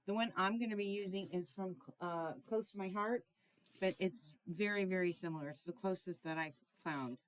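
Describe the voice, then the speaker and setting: Chatty woman with a lowish voice. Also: moderate pace. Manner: chatty, searching for words, frequent ums and throat clearing. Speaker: craft tutorial host. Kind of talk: casual card-making tutorial.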